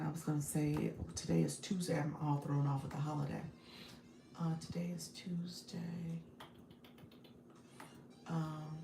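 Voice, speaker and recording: Upbeat low gravelly woman coaching live. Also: dark tone, roomy sound, far from the mic, a little hiss or hum. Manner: upbeat, repetitive, laughs often, addresses viewers by name. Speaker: livestream coach and host. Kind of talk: live-stream coaching talk, reading chat.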